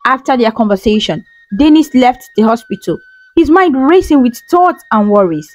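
Lively woman narrating a folktale. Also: fairly high pitch, normal speed, poor audio. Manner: dramatic, emotive. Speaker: storyteller. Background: faint music.

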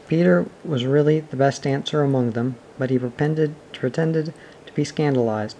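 A man reading a classic children's novel aloud in a steady, expressive storytelling manner. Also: medium pitch, moderate pace, a little hiss or hum, poor audio. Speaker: reader. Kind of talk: audiobook reading.

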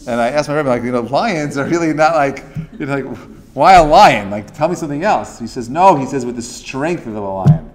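A man's voice: medium pitch, expressive, fairly quick, noisy background. A man giving a casual, interactive class. He talks loosely, with many fillers and restarts, and acts out the quotes he tells. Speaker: Torah class teacher.

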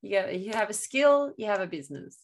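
A woman's voice: medium pitch, expressive, quick pace. A woman hosting an online video call, speaking in a chatty way with many fillers as she talks to her guest and the viewers. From Australia.

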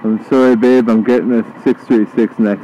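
A young man chatting excitedly while riding a motorcycle, casual motovlog commentary with joking asides, recorded on a helmet mic. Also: medium pitch, normal speed, low-quality recording. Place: outdoors riding a motorcycle on streets. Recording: loud wind and engine noise. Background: motorcycle engine and traffic.

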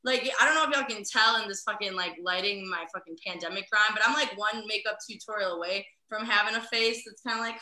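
A woman's voice: medium pitch, quick pace, few pauses, bright, forceful tone. A young woman from the Midwest doing a profane stand-up set over a video call, laughing through her jokes. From American Midwest. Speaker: stand-up comic. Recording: roomy echo.

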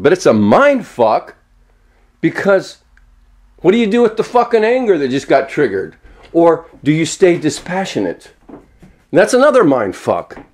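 A man in his seventies ranting alone at home, swearing a lot and swinging between angry outbursts and a soft, mock-gentle tone. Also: medium pitch. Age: 70s. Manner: frequent swearing and self-mocking laughs. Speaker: vlogger. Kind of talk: unscripted solo rant. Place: walking around indoors at home.

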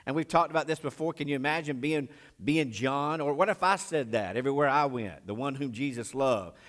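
A male pastor preaching a sermon in a voice of ordinary pitch. He retells a scripture story with strong swings, climbing high and loud, then dropping soft and low. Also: fairly quick. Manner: expressive preaching, voice rising and dropping sharply while retelling scripture; married.

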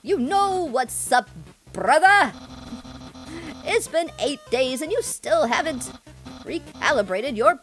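A woman voicing a loud, grandiose, eager male skeleton from a video game, reading his lines aloud. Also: high voice, lively intonation, takes it slowly, long pauses, soft background music, voice pushed up, heavily acted. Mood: boastful.

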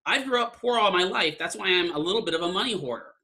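A man's voice: high-pitched, expressive, fast, bright, forceful tone. A man lecturing an online class in a casual, conversational way, often checking in with "right?". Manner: conversational, keeps asking "right?".

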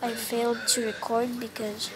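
A woman's voice: fairly high pitch, flat delivery, moderate pace, low-quality recording. A young woman giving casual, joking commentary over her own gameplay, often exasperated. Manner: frustrated, joking, sings silly bits. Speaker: gaming vlogger.

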